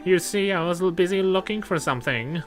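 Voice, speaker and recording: A man's voice: high voice, a little fast, faint music behind, voice pushed up, natural voice. A man putting on a smug French-accented dandy. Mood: teasing. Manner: smug, playful, affected. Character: flamboyant young man, teasing and theatrical.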